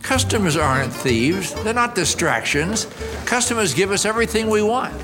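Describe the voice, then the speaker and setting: An older man with a high, bright voice gives a storytelling talk about customer service. He swoops all over his range as he acts out each exchange, and faint music runs underneath. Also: moderate pace. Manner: animated storyteller, acts out dialogue with shifting voices.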